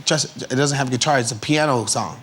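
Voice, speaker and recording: A man's voice: mid-range voice, brisk, fairly bright tone, slight background noise. A man in casual chat on a television studio talk show, telling stories in a laid-back, playful, slangy way. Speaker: chat show guest, musician.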